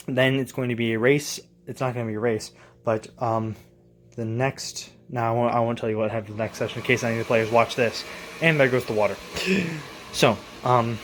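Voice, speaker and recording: A man's voice: mid-range voice, a little hiss or hum. A man talking as a tabletop game master in a casual home vlog, thinking aloud and correcting himself as he rambles through his plans, recorded in his basement.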